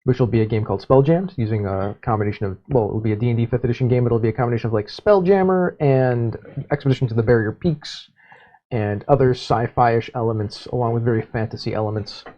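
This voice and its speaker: In relaxed conversation on his podcast, the host speaks at a quick pace in a medium-pitched voice, meandering comfortably with plenty of fillers. The audio has a dull, lo-fi quality.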